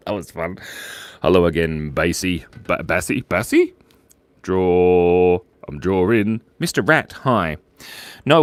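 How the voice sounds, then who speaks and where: With a deep voice and no room sound, a man chats his way through a live stream while he draws. His talk is playful and wandering, and he calls out the names of viewers from the chat.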